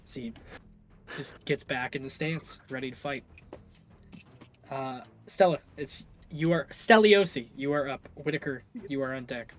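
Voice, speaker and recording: A man narrating as game master, livening up his storytelling and correcting himself on the fly. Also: mid-range voice. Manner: animated, quick self-corrections.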